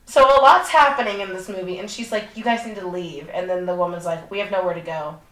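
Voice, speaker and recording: Her lowish voice runs fast as this young woman, a podcast co-host, rattles through a movie plot in casual, profane talk crammed with fillers. It's animated storytelling, and the room has an echo.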